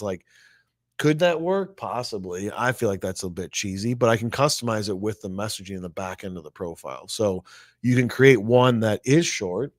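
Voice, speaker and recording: A man's voice: lowish voice, animated, normal speed, no room sound, studio quality. A man co-hosting a casual tech discussion, thinking aloud and often tagging his points with "right?". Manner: chatty, thinks aloud, asks rhetorical "right?". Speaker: co-host.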